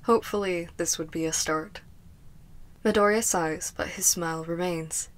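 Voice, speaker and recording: A woman narrates a fan fiction audiobook with a soft, even delivery. Her voice sits a little low for a woman. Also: normal speed. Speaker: podfic reader. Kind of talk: scripted narration.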